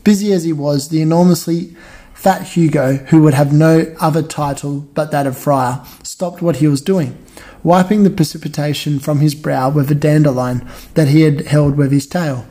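A man reads a children's novel aloud at a steady, measured pace, stumbling over the occasional word. His voice is somewhat high for a man, but its tone is dark and mellow.

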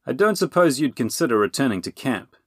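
A man's voice: mid-range voice, very animated, a little fast, dry recording, studio quality, pitched above the performer's own voice. A man voicing a worried young male outlaw leader who mutters and whispers.

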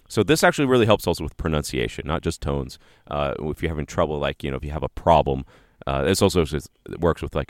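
A man's voice: sits low, no echo, clean studio sound. A man co-hosting a podcast, talking in a loose, rambling way full of "you know" and "like". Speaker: podcast co-host. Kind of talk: casual chat.

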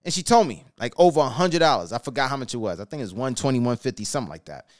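A man's voice: mid-range voice, animated, rapid-fire, no echo, clean studio sound. A man hosting a podcast, giving a hyped, sing-song pep talk in the style of a boxing announcer, then telling a story in a casual, conversational way. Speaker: podcast host.

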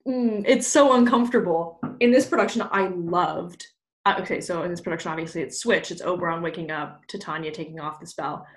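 A woman's voice: on the low side, brisk, echoey room. A young woman co-hosting a podcast, recapping a play's plot in casual chat, laughing often and acting out the characters' lines with a bit of swearing. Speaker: podcast co-host.

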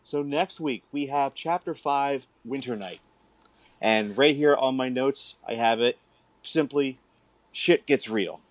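A man hosting a podcast, chatting in a relaxed, casual way with fillers. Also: mid-range voice, measured pace, no room sound. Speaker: podcast host. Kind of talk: casual chat.

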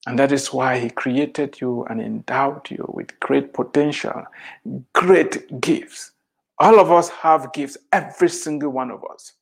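Motivational speaker, emphatic, repeats phrases, rhetorical questions, swings loud and soft. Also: medium pitch, vocal fry, husky. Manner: emphatic, repeats lines for effect. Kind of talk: motivational address to immigrants.

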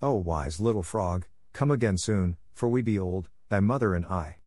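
A man's voice: low voice, animated, moderate pace, mellow, dry recording, studio quality. A man voicing an old, fond father wolf in a storybook.

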